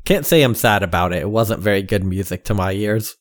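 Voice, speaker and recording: A man's voice: fairly low pitch, brisk, dry recording, studio quality. A man co-hosting a podcast, bantering casually and needling his co-host with sarcastic jabs. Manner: teasing, sarcastic.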